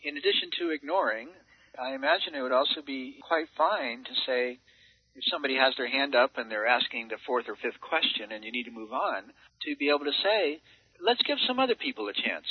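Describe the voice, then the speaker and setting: A man's voice: mid-range voice, a little fast, husky, dry recording, highs cut off. A man in a conversation, agreeably adding points and chiming in.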